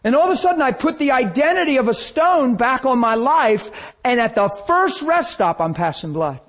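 A male preacher telling a personal testimony in a sermon, animated storytelling that acts out the scenes. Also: very high-pitched, moderate pace. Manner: animated storytelling, acting out his own crying.

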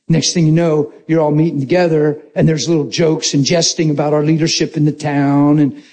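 Male pastor, high voice, animated and joking sermon storytelling. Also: brisk.

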